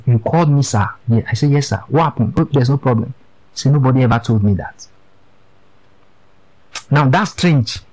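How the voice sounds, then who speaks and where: A man's voice: mid-range voice, low-quality recording. A man preaching a sermon, emphatic and repetitive, often asking listeners if they understand.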